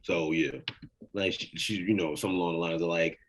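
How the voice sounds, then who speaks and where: A man's voice: sits low, fairly even intonation, brisk, fairly bright tone. A man co-hosting a podcast in casual, rambling chat, swearing freely. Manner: rambling, profane, full of fillers. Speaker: podcast co-host.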